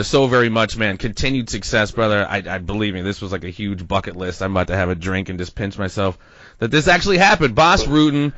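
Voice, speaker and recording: A male podcast host with an effusive, slangy way of talking, full of thanks and casual praise. His voice sits at an ordinary pitch. The sound is dry and close, but a little dull and lo-fi. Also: fairly bright tone, dry recording. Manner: effusive and slangy, calls people dude and brother.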